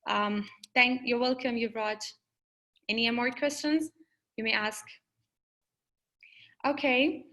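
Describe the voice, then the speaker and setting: A woman's voice: a little high, steady tone, takes it slowly, long pauses, sharp tone. A woman counselling English learners in a webinar, chatty and full of fillers, on a video call. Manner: conversational, many fillers and restarts. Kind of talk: webinar teaching with Q&A.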